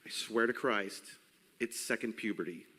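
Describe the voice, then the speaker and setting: A man's voice: lowish voice, normal speed, long reverb tail, very noisy. A man in his forties with a cracking, unsteady voice, telling crude jokes on a convention panel stage. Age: 40s. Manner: joking, rambling, crude. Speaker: panel host. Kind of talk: comedic live panel talk. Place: convention stage before a crowd. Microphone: handheld mic.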